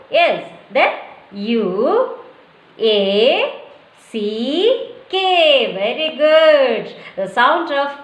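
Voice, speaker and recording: A woman leads a lesson for small children in a very slow, deliberate call-and-response. She spells each word out letter by letter for the class to repeat. Her voice sits high, and the room around her is noticeably echoey. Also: fairly bright tone. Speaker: teacher.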